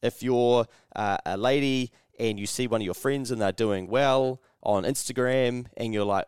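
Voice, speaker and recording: A New Zealand man in casual podcast chat who swears freely and slips into other people's voices mid-story. His voice is smooth and resonant, recorded close and dry. He talks at an everyday pitch. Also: normal speed, few pauses, darkish tone, no room sound. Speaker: podcast co-host.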